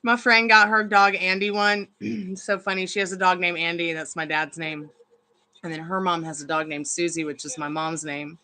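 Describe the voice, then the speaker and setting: A woman's voice: on the low side, little pitch movement, normal speed, sharp tone. A woman chatting casually on a live stream from her home, rambling between stories and cooing baby talk at her dogs. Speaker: tarot reader and live streamer.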